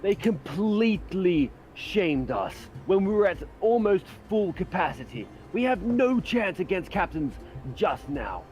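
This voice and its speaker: A man's voice: high-pitched, very animated, unhurried, a little mellow, slight background noise. A man voicing a blunt, weary old adventurer in a tabletop game. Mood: grave. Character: gruff old man named Gramps.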